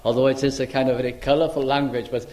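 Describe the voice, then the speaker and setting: An older man preaching a sermon, unhurried and reflective, slowing right down to stress lines of scripture. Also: mid-range voice, flat delivery, warm tone. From Wales. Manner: unhurried, reflective, with dramatic slow emphasis on scripture.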